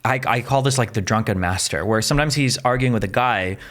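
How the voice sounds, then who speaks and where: A man's voice: lowish voice, brisk, a bit bright. A man hosting a podcast, chatting casually and rambling through his points with self-aware laughs. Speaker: podcast host. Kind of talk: casual interview chat.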